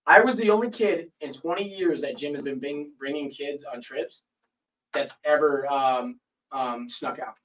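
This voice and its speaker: A podcast host tells a long story in casual conversation, animated and swearing freely while acting out the people he quotes. His voice is a little high and unhurried, and he sounds a bit off-mic, with the distant mic giving poor audio.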